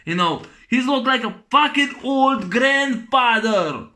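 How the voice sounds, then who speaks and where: A man's voice: extremely high pitch, lively intonation, slow, sharp tone. A man with giving a profane, rambling movie rant, full of fillers and restarts. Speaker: movie reviewer.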